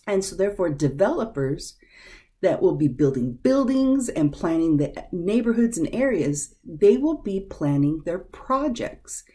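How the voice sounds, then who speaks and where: A woman teaching a vocabulary lesson, sounding out words slowly and carefully. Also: on the low side, big pitch swings, mellow. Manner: slow, careful over-enunciation of words.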